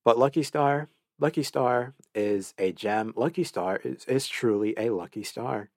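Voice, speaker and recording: A man's voice: medium pitch, unhurried, darkish tone, no echo, clean studio sound. A man hosting a solo anime review podcast, talking in a gushing, enthusiastic way and repeating words as he restarts his sentences. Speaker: podcast host.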